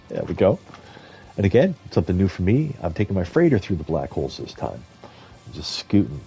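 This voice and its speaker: A man's voice: sits low, huge pitch swings, moderate pace, creaky, long pauses, darkish tone, faint music behind. A man streaming a video game, chatting casually and rambling with frequent chuckles. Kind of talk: casual gameplay commentary.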